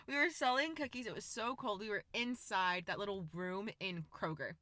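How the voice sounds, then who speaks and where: A young woman co-hosting a podcast in a giggly, excitable way, full of fillers. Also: medium pitch, normal speed, no room sound. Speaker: podcast co-host. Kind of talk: casual storytelling chat.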